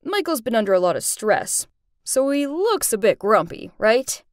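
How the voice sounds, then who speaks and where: A woman voicing a friendly, easygoing young male film director in an animated story, pitching her voice a little lower. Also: moderate pace, no room sound, studio quality.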